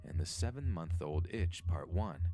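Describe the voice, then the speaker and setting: A man's voice: deep voice, lively intonation, moderate pace, dark tone. A man reading a scripted list-video narration in a wry, matter-of-fact way.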